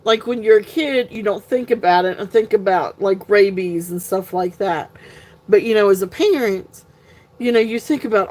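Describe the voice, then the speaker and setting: A woman's voice: medium pitch, moderate pace, darkish tone, low-quality recording. A woman, hosting a live sale stream in a chatty, flustered way with sighs and laughs. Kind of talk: casual live-stream chat.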